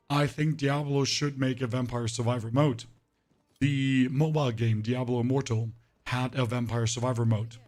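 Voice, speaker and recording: A man streaming a game live and chatting to his viewers while playing, his voice pushed deeper and hoarse, with little emphasis. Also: a little mellow. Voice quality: voice pushed deeper than usual, less emphasis. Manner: chatty, rambling, talks to chat while playing. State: voice sounds off, hoarse. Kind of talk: live gameplay commentary to chat.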